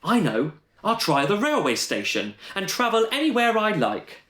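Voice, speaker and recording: Man doing a sassy young princess, pitched high. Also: wildly swooping pitch, moderate pace, a bit bright, exaggerated voice. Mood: eager. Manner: sassy, triumphant. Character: clever, cheeky young female princess. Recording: roomy echo.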